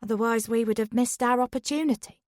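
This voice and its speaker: A woman's voice: fairly high pitch, fairly even intonation, quick pace, darkish tone, no echo, clean studio sound, close to an everyday voice. A woman voicing a cheerful, chirpy middle-aged mother in an audiobook.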